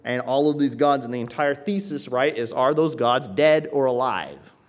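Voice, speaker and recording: A man preaching a sermon with emphatic conviction, often checking in with "right?" and swinging from low, quiet stress to raised emphasis. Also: normal speed.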